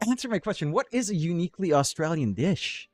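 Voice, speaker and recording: A man's voice: fairly high pitch, sing-song, brisk, a little mellow, no echo. A man from the Philippines working as an esports caster, chatting casually and teasing his co-caster. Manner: joking, playful teasing. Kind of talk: casual chat between casters.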